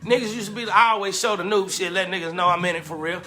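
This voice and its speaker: A man casually telling a lively, slangy story about his club days and acting out the quotes. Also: high voice, fast talker, faint music behind. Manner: animated, slangy, acts out quotes with laughter.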